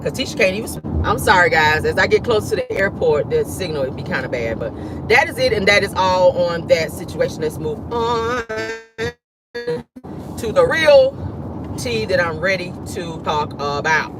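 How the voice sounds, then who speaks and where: A sassy celebrity-gossip host talks from a car on the way to the airport, recorded on a phone. The pitch leaps up and down all the time, and clear road noise sits under every word. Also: normal speed. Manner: sassy, animated, laughs often. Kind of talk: casual gossip commentary.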